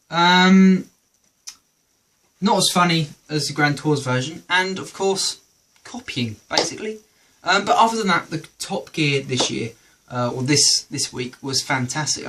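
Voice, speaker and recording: A man's voice: on the high side, sharp tone, recorded from a distance. A young man hosting a comedy show, delivering a rambling comic monologue with plenty of ums and restarts.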